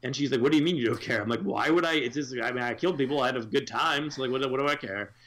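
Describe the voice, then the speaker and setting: A man's voice: mid-range voice, rapid-fire, a loud crowd. A man co-hosting a podcast in casual chat, rambling and swearing with many fillers. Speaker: podcast co-host.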